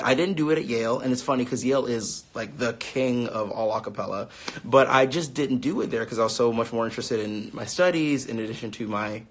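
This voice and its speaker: Chatty upbeat young man on a phone. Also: mid-range voice. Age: 20s. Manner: chatty and upbeat, many fillers, laughs easily. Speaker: musician reading fan questions on a live stream. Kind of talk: casual live-stream chat.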